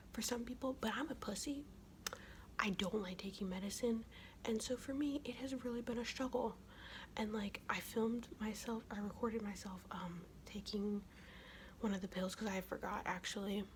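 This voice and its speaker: This young ASMR vlogger is sick and whispers at a normal speed and an ordinary pitch as she gets ready on camera. She chats casually, swears freely, and a faint hum of noise runs underneath.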